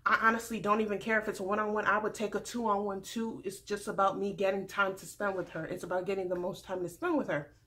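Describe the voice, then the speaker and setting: A woman's voice: mid-range voice, level tone, fast, few pauses, pushed and bright, voice pushed down, natural voice. A woman voicing a boastful young male contestant who talks in an insistent, defensive way.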